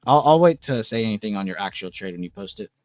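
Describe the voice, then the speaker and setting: Low-voiced excitable young man streaming. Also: quick pace, dry recording, studio quality. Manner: excitable, swears freely, gushing praise. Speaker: trading stream host. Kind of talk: casual live-stream chart review. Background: faint background music.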